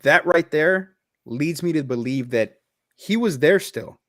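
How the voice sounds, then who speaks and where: A man's voice: fairly high pitch, expressive, unhurried, dry recording, clean studio sound. A man telling a personal story in a casual podcast chat. He talks candidly, swears freely and restarts his sentences, and he sounds a little choked up. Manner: candid and profane, loose with restarts.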